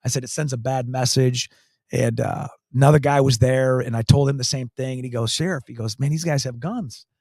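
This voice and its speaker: A man's voice: medium pitch, little pitch movement, fairly quick, creaky, a little mellow, no room sound. A man with a mid-range voice tells his story in an earnest, emphatic way, circling back to key phrases. The sound is close and dry, with no room around it. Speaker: county sheriff, guest. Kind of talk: storytelling in a talk show interview.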